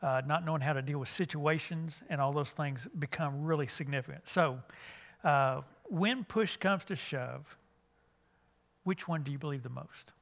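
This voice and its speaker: Gravelly folksy man. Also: on the high side, normal speed, fairly bright tone. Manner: folksy, conversational, many fillers and restarts. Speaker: youth minister. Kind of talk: church conference lesson.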